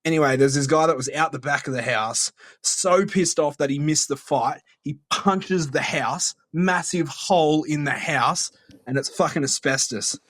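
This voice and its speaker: A man's voice: on the high side, normal speed, a bit bright. An Australian man calling in to tell a casual, swear-heavy story. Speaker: caller. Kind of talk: recorded phone-in story.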